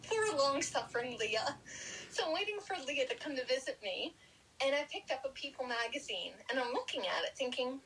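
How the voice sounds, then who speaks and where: Woman, husky, fairly high voice, lively storyteller, podcast guest. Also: brisk, poor audio. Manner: lively, animated retelling. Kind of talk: personal storytelling in a podcast interview.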